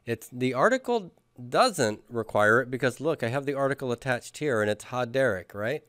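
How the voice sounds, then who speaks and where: A man's voice: medium pitch, lively intonation, moderate pace, a bit bright, dry recording, studio quality. A man teaching a class, patiently drilling students and having them repeat after him. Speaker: Hebrew grammar teacher. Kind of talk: classroom lecture with questions.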